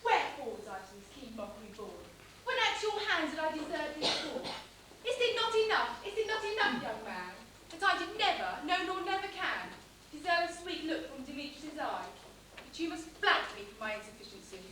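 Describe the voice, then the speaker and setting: Young woman doing a lovesick insecure girl, very high bright voice, lively, echoey hall far away. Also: a little fast, heavily acted. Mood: indignant. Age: young adult. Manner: impassioned declaimed verse. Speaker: amateur stage actor. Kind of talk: live school stage play. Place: school hall stage. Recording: echoey hall, distant mic, faint hiss.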